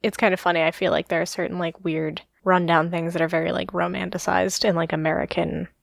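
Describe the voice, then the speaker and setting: A woman's voice: fairly low pitch, level tone, fairly quick, creaky, dry recording, studio quality. A young woman from New York co-hosting a casual podcast, chatty and laughing often, with lots of filler words. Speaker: podcast co-host. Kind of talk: casual chat.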